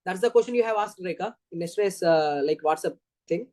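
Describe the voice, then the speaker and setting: A man's voice: high-pitched, fairly quick, a little mellow, dry recording. A man with an Indian accent teaching physiology in an exam-prep lecture, repeating points step by step. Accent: Indian English. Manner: repetitive, explaining step by step.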